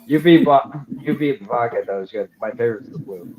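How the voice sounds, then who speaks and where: A man's voice: medium pitch, a little fast, a crowd in the background, poor audio. A man chatting casually on a podcast, chiming in with enthusiastic remarks. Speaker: podcast co-host. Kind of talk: casual chat.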